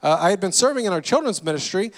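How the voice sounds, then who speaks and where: A man in his forties from Louisiana tells funny stories in a high, light voice, dropping dry punchlines and quick self-deprecating asides. He performs as a guest comedian in a large church auditorium. His voice carries a long hall reverb. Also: animated. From Louisiana, USA. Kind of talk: comedic storytelling from a church stage.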